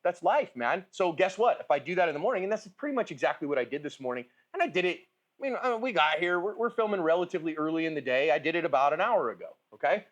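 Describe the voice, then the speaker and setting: A man with a slightly higher-pitched voice gives casual firearms instruction at a shooting range. He keeps it informal and often tacks a quick "right?" or "okay?" onto the end of his points. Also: lively intonation, lo-fi sound.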